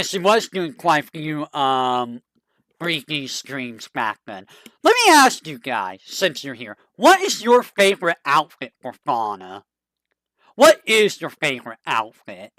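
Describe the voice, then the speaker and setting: A streamer chatting casually to a live audience, rambling and excitable with a fond tone. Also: medium pitch, takes it slowly, no echo, clean studio sound.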